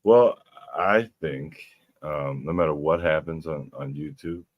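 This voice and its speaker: A man with a very deep voice, chatting casually and laughing easily as a guest on an online panel, with halting restarts. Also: no echo, phone-quality sound. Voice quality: very deep voice, praised by others. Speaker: guest on a live stream panel. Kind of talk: casual chat.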